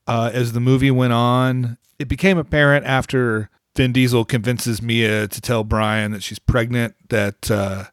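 A man's voice: mid-range voice, no echo, clean studio sound. A man co-hosting a podcast, thoughtful and rambling in casual movie review chat, often trailing off. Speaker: podcast co-host.

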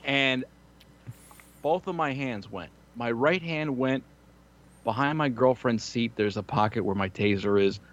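A man's voice: mid-range voice, moderate pace, lo-fi sound. A man in his thirties telling crude, rambling, self-mocking stories in casual chat. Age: 30s.

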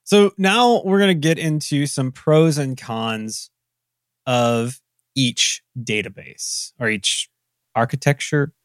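A man's voice: medium pitch, slow, no room sound, studio quality. A man with a Southern US accent, co-hosting a casual technical talk with self-deprecating, rambling asides. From American South. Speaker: podcast co-host.

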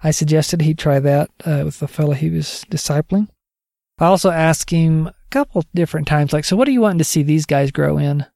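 A man's voice: fairly high pitch, a little fast, creaky, dark tone, no echo, clean studio sound. A man giving a casual spoken teaching update on discipling others, conversational and digressive, thinking aloud as he goes.

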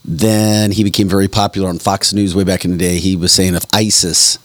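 Low-voiced joking radio host man. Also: little pitch movement, a little fast, fairly bright tone, no echo. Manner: jokey, reads listener messages aloud. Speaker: radio morning show host. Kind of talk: casual radio banter.

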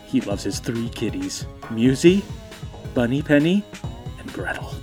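Male co-host, casual, animated delivery, quick to laugh. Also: mid-range voice, over music. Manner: laughs often, lively interjections. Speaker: podcast co-host. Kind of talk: casual chat.

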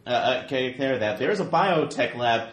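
Brief: man as a jittery, rambling male tech director, mid-pitched, roomy echo. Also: expressive, normal speed, slight background noise, natural voice. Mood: wary. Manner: rambling, full of "like" and restarts. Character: male technical director, nervous and wary.

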